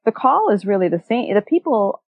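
A woman talking earnestly as a guest in a conversational interview, animated and often restarting her sentences. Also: medium pitch, brisk, breathy edge, no echo, phone-quality sound.

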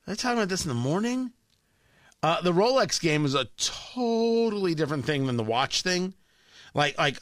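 A man's voice: a little high, sharp tone, no room sound, studio quality. A man hosting a talk radio show, rambling in a monologue full of stammered restarts and sarcastic asides.

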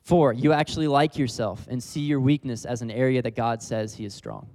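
A man's voice: medium pitch, fairly even intonation, fairly quick, a little mellow. A young man preaching a casual sermon, laughing often as he talks. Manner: casual, laughs often, leads the crowd in repeating lines. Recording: long hall reverb.

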